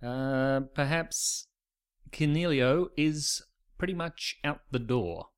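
A man's voice: a little high, slow, smooth. An Australian man co-hosting a podcast in casual chat, with a wry, dry sense of humour. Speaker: podcast co-host.

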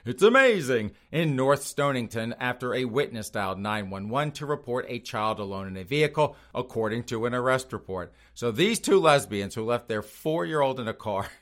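A man's voice: medium pitch, a bit bright. A man hosting a podcast from a studio, giving mocking commentary in a sneering tone and laughing at his own jabs. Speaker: podcast host. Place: studio outside Boston.

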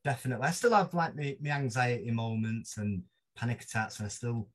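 A man, a podcast guest telling animated stories with casual swearing. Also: medium pitch, brisk. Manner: lively, laughs through his stories, swears casually. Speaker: podcast guest, mentalist blogger. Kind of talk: animated anecdotal storytelling.

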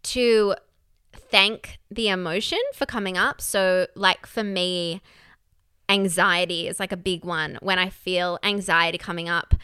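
A young woman talks candidly in a relaxed podcast chat, her voice bright and crisp. The sound is close and dry, with no room around it. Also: fairly low pitch, measured pace, no echo. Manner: candid, swears casually, reflective. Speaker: podcast co-host. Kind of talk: casual chat.

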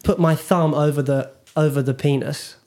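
A man's voice: a little high, fairly even intonation, normal speed, a little mellow. A young man from Britain hosting a podcast, telling rambling stories in casual chat with many fillers and restarts. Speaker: podcast host.

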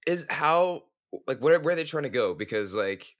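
A man's voice: fairly high pitch, expressive, normal speed, fairly bright tone. A man co-hosting a podcast in casual chat, hesitant and full of fillers. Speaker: podcast co-host.

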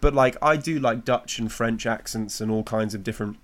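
English comedian in a podcast chat, mid-pitched, frank and opinionated, working ideas out aloud. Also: male voice, a little fast, fairly bright tone. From England. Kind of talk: casual chat.

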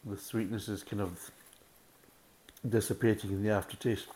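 A man's voice: lowish voice, flat delivery, moderate pace, a little mellow, low-quality recording. A man reviewing beer in a casual, blunt, rambling way, repeating himself often. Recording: faint background hiss.

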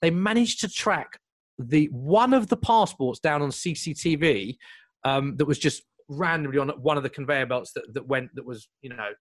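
A young man telling a long story in casual chat, lively and full of asides and restarts. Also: fairly high pitch, no echo. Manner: animated, fast, piles up asides and restarts.

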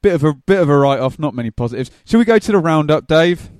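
A man's voice: a little high, expressive, fast talker, darkish tone, no echo, studio quality. A man from England co-hosting a casual football podcast, telling anecdotes with easy laughter. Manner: chatty storyteller, laughs through anecdotes. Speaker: podcast co-host.

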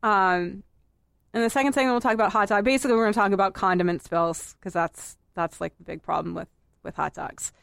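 Woman, podcast host, exasperated, quick asides, bone-dry sound. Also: medium pitch, fairly even intonation, gravelly, fairly bright tone, clear, resonant tone, no room sound. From Boston area, Massachusetts. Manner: exasperated, pleading, fast asides. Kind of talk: casual podcast banter.

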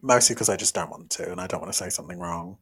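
A young man co-hosting a podcast in casual chat, teasing and exclaiming with sudden pitch jumps. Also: very fast, breathy edge. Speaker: podcast co-host.

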